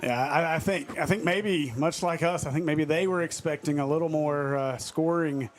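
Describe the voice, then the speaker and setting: A man's voice: on the high side, normal speed, slight background noise. A male commentator calling a soccer match live on a broadcast headset, joking and laughing often between calls. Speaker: sports commentator.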